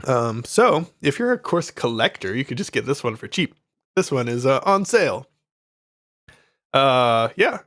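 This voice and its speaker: A man's voice: mid-range voice, sing-song, unhurried, fairly bright tone, no room sound, studio quality. A young man in casual livestream chat, rambling with many fillers and frequent laughs. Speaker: streamer selling his course.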